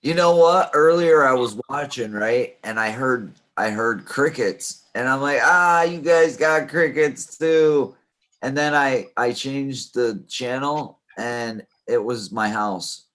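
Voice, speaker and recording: A man's voice: medium pitch, slow pace, hardly any pauses, fairly bright tone. A man chatting as a guest, telling dry joking stories. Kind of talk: casual chat.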